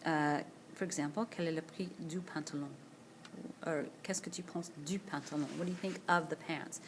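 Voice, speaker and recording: A woman teacher recording a screencast vocabulary lesson, speaking slowly and carefully and repeating each word for pronunciation practice. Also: low voice, fairly even intonation, noisy background. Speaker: French teacher. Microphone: tablet screencast voice-over.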